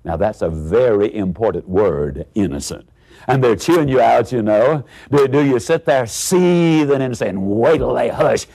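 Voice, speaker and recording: A man giving a motivational speech, telling stories, acting out the characters and asking the audience rhetorical questions. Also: lowish voice. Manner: animated storyteller who acts out characters. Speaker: motivational speaker.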